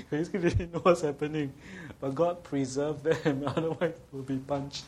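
A man preaches with a voice sitting a little above the usual male range. He tells stories with laughter, then slows down to read scripture, and keeps asking the listeners questions. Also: on the high side, slightly rough. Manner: anecdotal, animated preaching with laughter and rhetorical questions. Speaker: pastor. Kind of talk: sermon.

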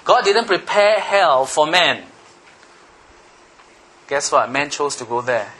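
Bright-voiced, emphatic male preacher. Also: fairly high pitch, sing-song, slow, slight background noise. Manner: emphatic, repetitive, questions the audience. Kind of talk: sermon.

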